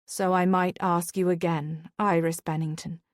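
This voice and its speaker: A woman reading a romance audiobook, voicing a sincere young nobleman in a tender, slightly lowered voice. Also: level tone, moderate pace, no room sound, studio quality, close to an everyday voice. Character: earnest devoted young nobleman, a reformed rogue.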